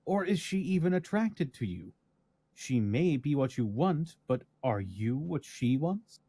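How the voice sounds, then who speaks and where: A man voicing a loving, gentle advice-giving lady, reading her reply letter in an earnest, lilting way. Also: mid-range voice, big pitch swings, unhurried, husky, heavily acted. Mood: caring.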